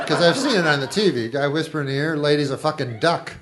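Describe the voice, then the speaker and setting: A middle-aged man doing a deadpan stand-up routine, rambling with halting asides and trailing fillers. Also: medium pitch, very noisy. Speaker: stand-up comedian.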